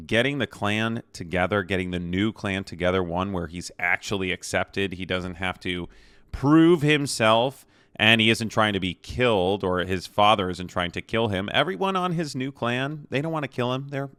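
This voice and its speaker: A man recaps a film in a relaxed, meandering review, doubling back on his words and checking in with the listener as he goes. His voice sits a little low but comes across bright and forceful, with a clean, crisp tone. The sound is very dry, with no room echo. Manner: rambling, chatty, many fillers and restarts, tags lines with "okay?". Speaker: movie reviewer. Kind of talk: casual spoiler-filled movie review.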